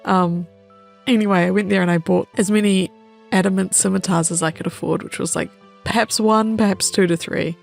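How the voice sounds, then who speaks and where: An excitable woman chats her way through a game, her talk full of delight. Her voice carries a gravelly texture, and faint music plays underneath. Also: medium pitch. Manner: excitable, chatty, quick laughs and gasps. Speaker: gaming vlogger. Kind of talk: casual gameplay commentary.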